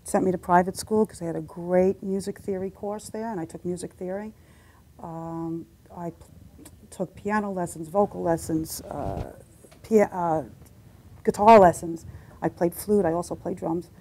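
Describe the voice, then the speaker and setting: Woman, middle-aged, slightly low voice, chatty storyteller, casual interview. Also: normal speed, dark tone, a little hiss or hum. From United States. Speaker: singer and guest.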